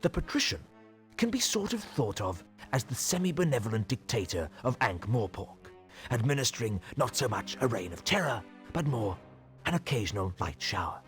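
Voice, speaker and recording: A man giving wry scripted game narration in a dry, ironic, measured manner. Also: mid-range voice, big pitch swings, faint music behind, close to an everyday voice.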